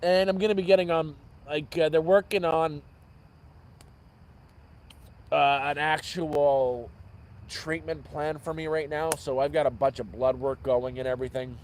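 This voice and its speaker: A man's voice: a little high, fairly even intonation, measured pace, darkish tone, poor audio. A man vlogging from an outdoor camp at night, telling rambling stories and often correcting himself mid-sentence. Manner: rambling, self-correcting storyteller. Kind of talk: casual storytelling livestream.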